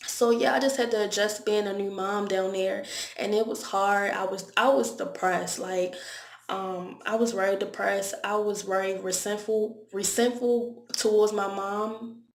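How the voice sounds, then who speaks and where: A woman's voice: mid-range voice, fairly even intonation, unhurried, vocal fry. A young woman, telling a candid, conversational storytime vlog and often repeating her words. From Baltimore, US. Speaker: vlogger. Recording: echoey room.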